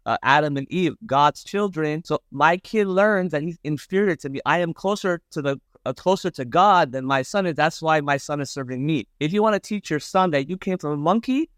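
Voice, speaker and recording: A man voicing a calm, wise old male rabbi in a retold story, patiently explaining. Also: fairly high pitch, moderate pace, hardly any pauses, no room sound, clean studio sound, pitched above the performer's own voice, natural voice.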